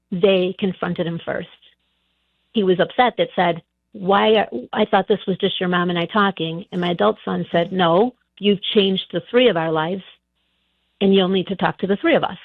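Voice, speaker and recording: A woman's voice: fairly low pitch, no echo. Middle-aged woman caller on a tinny phone. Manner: hesitant, rambling, many fillers and restarts. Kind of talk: caller telling her story on radio. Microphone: telephone.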